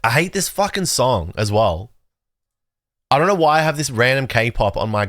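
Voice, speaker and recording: A man runs his livestream in a loose, rambling chat, getting excitable and swearing freely. His pitch swings widely from line to line. The sound is dry and close, with no room around it. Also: moderate pace, no room sound. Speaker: livestream host. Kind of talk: casual chat reacting to chat.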